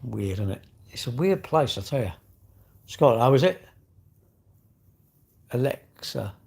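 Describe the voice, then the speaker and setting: A man's voice: mid-range voice, sing-song, unhurried, creaky, darkish tone, slightly rough. An English man hosting a livestream, rambling and mocking in casual chat as he reads and answers comments. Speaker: livestream host.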